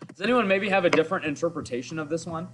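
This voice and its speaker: A man's voice: a little high, rapid-fire, noisy background. A man teaching a literature lesson in a casual, explaining way, thinking aloud as he goes. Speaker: English teacher. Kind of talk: recorded class lesson.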